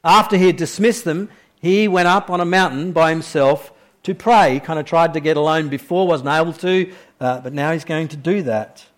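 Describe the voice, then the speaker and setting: A man with a somewhat high-pitched voice preaches a sermon. He lifts his voice with urgent questions, then drops to a quiet, slowed delivery, repeating key phrases for weight. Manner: preaching that swings from raised, urgent questions down to hushed, slow emphasis.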